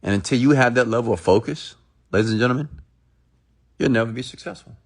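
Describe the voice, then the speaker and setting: A man's voice: medium pitch, fast, slightly rough. A man telling a motivational story in a rambling, emphatic, repetitive way. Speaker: motivational speaker.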